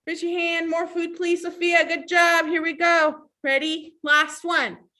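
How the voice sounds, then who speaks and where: Bright high-voiced woman doing kids' storytime on a video call, slow and cheery, lots of praise. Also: flat delivery. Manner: cheerful, coaxing, talks to young kids and praises them. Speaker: children's storytime librarian. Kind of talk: online children's storytime with sign language and song.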